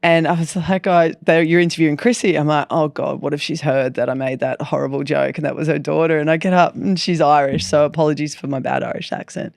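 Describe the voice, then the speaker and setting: A woman hosting a podcast, telling stories in a lively, self-deprecating way and acting out what people said. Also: low voice, fast talker, creaky, hardly any pauses, dry recording, studio quality. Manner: animated, self-deprecating, acts out quotes. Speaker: podcast host. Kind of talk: casual chat, storytelling.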